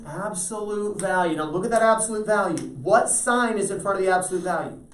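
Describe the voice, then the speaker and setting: A man's voice: high voice, expressive, brisk, a bit bright. Male teacher lecturing in an echoey classroom. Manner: asks the class frequent check-in questions. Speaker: math teacher. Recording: roomy echo, voice from far off.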